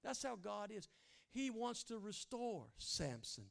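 Gravelly-voiced dynamic male preacher. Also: sits high, big pitch swings, measured pace. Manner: dynamic, swings from hushed to loud bursts; folksy and humorous. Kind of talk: sermon.

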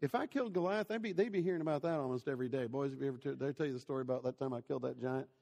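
A man's voice: mid-range voice, rapid-fire, gravelly, dark tone. A man in his forties giving a conversational sermon, telling stories and asking the listeners questions. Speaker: preacher. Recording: long hall reverb.

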